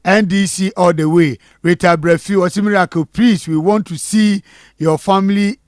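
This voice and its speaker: Ghanaian man, studio host, higher voice, dry close sound, reading out comments. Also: fairly even intonation, normal speed, no room sound. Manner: reads out names and messages, mixing Twi and English. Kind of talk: live election-night studio talk.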